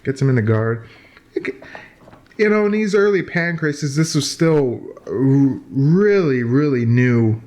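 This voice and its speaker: A man's voice: on the high side, expressive, measured pace, darkish tone. A man giving casual, joking commentary while watching old fight footage, with lots of fillers and restarts.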